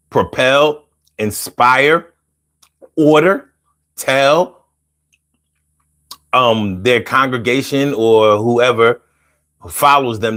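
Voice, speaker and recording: A man hosting a casual call-in show, animated and playful, chanting lines rhythmically and chatting with viewers. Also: medium pitch. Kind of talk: casual livestream talk.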